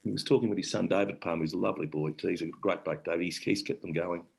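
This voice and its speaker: On a poor-quality recording, a middle-aged Australian man talks fast in a low, creaky voice with fairly even intonation. He's a guest actor and storyteller, spinning warm, rambling, casual tales and often cutting himself off mid-sentence.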